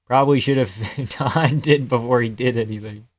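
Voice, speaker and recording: A man's voice: mid-range voice, normal speed. A young man hosting a live fight reaction stream, reading chat aloud, swearing and laughing often as he jokes. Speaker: livestream host.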